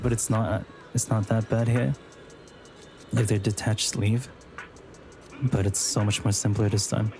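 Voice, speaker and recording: Young man, streamer, casual joking commentary, mid-pitched voice, faint game music behind. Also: darkish tone. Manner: chatty, joking, gushing about designs.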